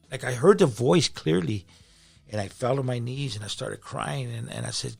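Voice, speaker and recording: Middle-aged pastor, male, gravelly timbre, earnest testimony, stumbles and repeats when moved, faint music underneath. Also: medium pitch, moderate pace. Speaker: pastor, podcast guest. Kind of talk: personal testimony in conversation.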